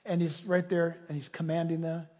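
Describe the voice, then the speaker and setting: A man's voice: a little high, flat delivery, normal speed, dark tone. A male preacher giving an emphatic, folksy sermon, asking his listeners questions, heard in the long reverb of a large hall.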